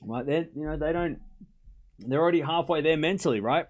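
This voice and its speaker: A man's voice: fairly high pitch, brisk. A young man hosting a live stream, chatting casually and rambling, often repeating himself. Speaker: host.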